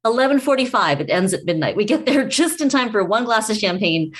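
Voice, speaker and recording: A woman from the food industry, appearing as a guest, tells a long anecdote in casual conversation, speaking a little fast in a mid-range voice. She's a lively storyteller who acts out what other people said in their voices.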